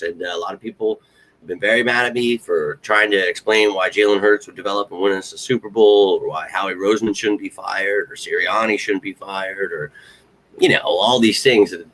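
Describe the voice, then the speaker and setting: A man's voice: on the low side, fairly bright tone. A man hosting a casual sports fan talk show, rambling and heartfelt, swearing now and then. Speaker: podcast host.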